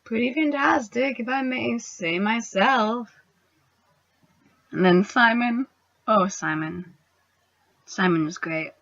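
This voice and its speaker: A woman's voice: fairly high pitch, slow, vocal fry, pauses often, no echo. Gushing young woman fan reviewing. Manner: gushing, excitable, drops into whispers. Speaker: booktuber reviewing a TV episode. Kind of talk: casual video review. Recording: dry, dull lo-fi sound.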